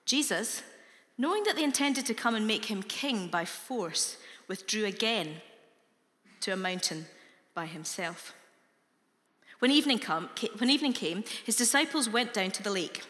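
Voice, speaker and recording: A woman reads scripture aloud slowly and deliberately. Her voice is bright and ringing. A long reverb trails each phrase, as in a large hall. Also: medium pitch. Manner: slow, deliberate reading. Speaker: scripture reader.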